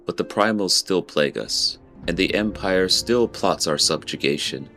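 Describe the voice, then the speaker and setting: A man reading the lines of a solemn young noble scholar from a game, in a formal, measured way. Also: low-pitched, expressive, pushed and bright, soft background music, heavily acted. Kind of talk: reading game dialogue aloud.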